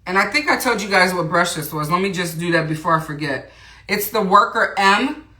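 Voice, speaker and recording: A chatty woman talks through her makeup on a livestream, greeting viewers and reading their comments as she goes. Her voice is bright and clear, and the room around her sounds roomy and echoey. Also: on the low side, animated, brisk. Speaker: beauty livestream host. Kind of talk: casual makeup tutorial livestream. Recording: roomy echo.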